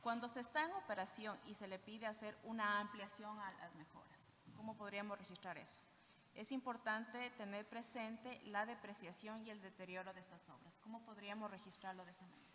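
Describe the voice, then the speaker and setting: A woman moderator reads audience questions to a panel at a measured pace. Her voice is bright and clear. The hall adds a long reverb over faint noise. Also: mid-range voice, steady tone. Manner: measured, reading aloud. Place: conference hall.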